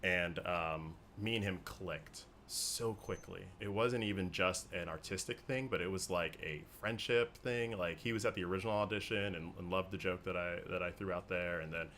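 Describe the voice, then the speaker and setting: Man, very low voice, podcast guest, casual storytelling, animated, laughs a lot. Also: normal speed, hardly any pauses, a little hiss or hum. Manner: animated, chatty, laughs often. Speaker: podcast guest, hospital clown.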